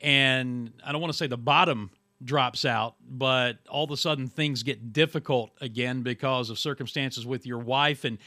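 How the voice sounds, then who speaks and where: A male podcast host with a bright, forward tone who asks reflective questions and sometimes restarts his phrasing. The sound is close and dry. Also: mid-range voice, fairly even intonation, normal speed, hardly any pauses, dry recording. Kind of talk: interview questions.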